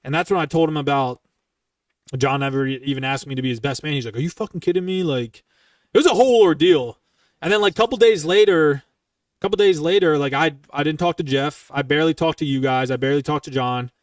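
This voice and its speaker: A man's voice: a little high, a little fast, no room sound. A man in his twenties hosting a podcast, telling a long story in casual, heavily profane, rambling chat. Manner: profane, heated, rambling retelling. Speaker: podcast host. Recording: dry, somewhat distant from the mic.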